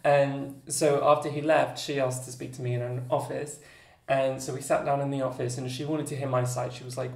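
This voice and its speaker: A woman's voice: extremely low pitch, little pitch movement, a little fast, gravelly, darkish tone, roomy sound. A young woman telling a personal story to camera in a candid, wry, joking way. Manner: candid, wry, self-deprecating humor. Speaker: YouTuber.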